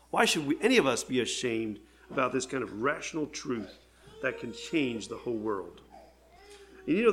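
An older man, a pastor, preaching an earnest, heartfelt sermon with pauses. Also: medium pitch, a bit bright.

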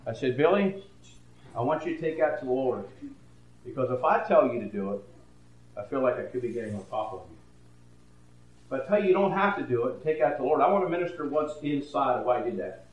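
An older man preaching a sermon, dropping to a hush and then rising loud, often stammering into repeats. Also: medium pitch, expressive, roomy sound, lo-fi sound. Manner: swings between hushed and loud, halting repeats.

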